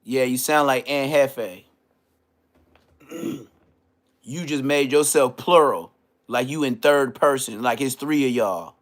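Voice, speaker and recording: A man in a middle register rants through a comedic roast on his podcast. He talks in heavy slang and mocks his targets with open contempt. His voice jumps from loud, indignant outbursts to low, dismissive mutters. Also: slow pace, pauses often. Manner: trash-talking, heavy slang, mocking. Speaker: podcast host.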